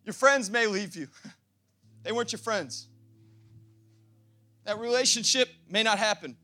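Give me a high-voiced young pastor with a sharp, bright sound, preaching with fervor. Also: male voice, a little slow. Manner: impassioned, rising to shouting. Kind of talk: sermon.

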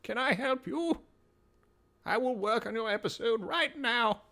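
Man doing a fussing doting caretaker, very high-pitched, gushing, apologetic. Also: measured pace, creaky, bright, forceful tone, full character voice.

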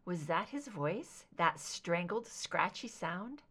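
A woman's voice: lowish voice, expressive, slow pace, a bit bright. Woman narrating a fan fiction audiobook. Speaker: audiobook reader.

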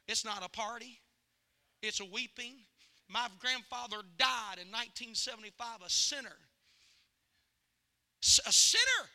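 A man preaching a revival sermon in a church, moving from quiet storytelling to shouted, fervent appeals. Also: sits high. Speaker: guest preacher. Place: church sanctuary.

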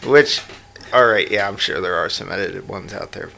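A man's voice: low-pitched, normal speed, vocal fry, pushed and bright. A man co-hosting a casual podcast, swearing and trailing off as he hunts for words. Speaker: podcast co-host. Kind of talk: casual profane podcast chat.

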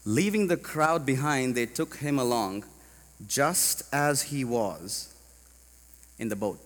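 Animated man preaching in a reverberant hall. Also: medium pitch, takes it slowly. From India. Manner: animated, rising to loud emphatic peaks, calls for congregation response. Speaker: pastor. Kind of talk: sermon. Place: large church hall.

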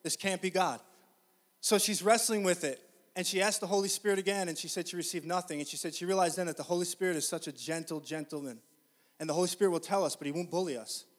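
High-voiced man preaching a lively sermon. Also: fast talker. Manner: energetic, builds to loud emphatic preaching; conversational, addresses the congregation directly. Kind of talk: sermon with storytelling.

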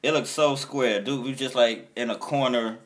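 A man's voice: medium pitch, normal speed. A young man on a podcast, chatting casually and telling loose stories from touring, laughing often and acting out his friends' lines. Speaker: touring musician.

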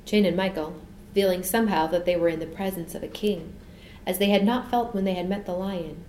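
A woman's voice: medium pitch, darkish tone. Woman reading a storybook aloud, roomy sound. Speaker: audiobook reader. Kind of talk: storybook narration. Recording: roomy echo, faint background noise.

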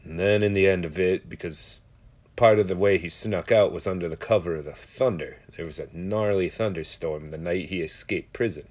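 A man with a somewhat low voice talks straight to his audience in a loose, rambling monologue. He curses freely and drifts between storytelling and musing in an easy, conversational way. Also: normal speed, a little mellow.

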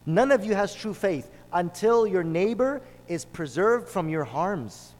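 Male preacher, slightly high voice, storytelling sermon with emphatic repetition. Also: lively intonation, measured pace. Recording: long hall reverb.

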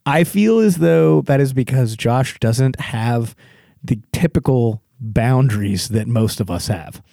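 A man telling stories as a podcast guest, lively, often mimicking other people in jumpy higher voices. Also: takes it slowly, gravelly, dry recording, clean studio sound. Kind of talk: casual storytelling chat.

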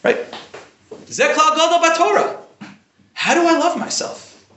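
A man's voice: extremely high pitch, measured pace, a little hiss or hum. A man giving an informal Torah lesson in a conversational way, often checking in with "right?". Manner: conversational, often asks "right?", animated bursts. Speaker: Jewish teacher giving a class. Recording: echoey room.

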